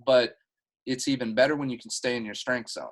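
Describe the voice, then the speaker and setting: A man's voice: mid-range voice, steady tone, brisk, low-quality recording. Man, earnest, heartfelt, rambling, motivational team talk, video call mic. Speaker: team leader.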